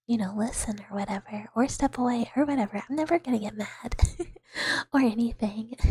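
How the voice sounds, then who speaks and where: Lady streamer whispering asmr chat, super breathy, kinda high, dry close mic sound. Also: normal speed, dry recording. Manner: soft whispering, rambling with fillers and giggles. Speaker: VTuber streamer.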